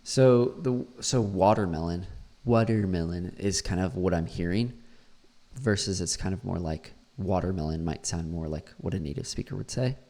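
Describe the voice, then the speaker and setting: A man's voice: deep voice, normal speed, creaky, mellow. A man, an English teacher, critiquing a learner's pronunciation and repeating words aloud to model them.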